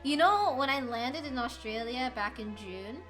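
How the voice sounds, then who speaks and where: A woman's voice: fairly high pitch, animated, unhurried, music in the background. An American woman chatting casually on a live stream, giggly and rambling, laughing often. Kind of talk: casual chat.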